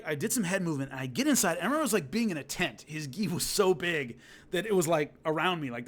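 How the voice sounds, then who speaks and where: A middle-aged man telling a casual story, animated and acting out hits with loud sound effects. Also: fairly high pitch. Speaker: combat sports commentator telling stories.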